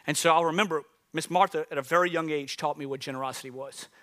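A man's voice: a little high, steady tone, quick pace, bright, forceful tone. A man in his forties preaching a sermon in a conversational way, often calling out to the congregation. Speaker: pastor.

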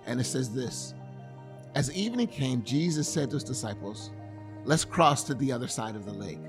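A man's voice: medium pitch, lively intonation, normal speed, over music. A man preaching a sermon, retelling a scripture story with earnest, vivid storytelling and acting out the scene. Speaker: pastor.

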